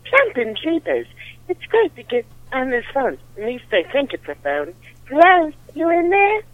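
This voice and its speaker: A woman caller putting on an excitable, wide-eyed cartoon character voice, bouncy and exclamatory, heard on a tinny phone-line voicemail. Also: sits high, moderate pace, dry recording. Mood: excited.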